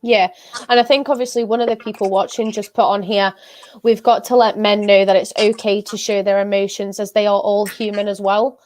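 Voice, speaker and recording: A woman in her twenties hosting an interview, chatty and relaxed, with plenty of casual fillers. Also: medium pitch, fairly quick. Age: 20s. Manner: chatty, filler-heavy, relatable. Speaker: interviewer, host. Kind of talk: casual chat.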